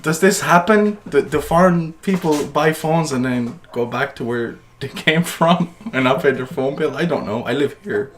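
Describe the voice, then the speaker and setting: A man co-hosting a casual podcast, telling a story in a fast, rambling way with restarts and indignant bursts. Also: a little high, a little hiss or hum. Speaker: podcast co-host.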